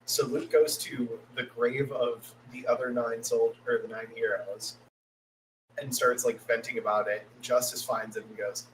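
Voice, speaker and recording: A man's voice: medium pitch, level tone, moderate pace, slight background noise, poor audio. A man co-hosting a podcast, giving a loose, profane recap of an anime episode and acting out the characters' lines as he goes. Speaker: podcast co-host.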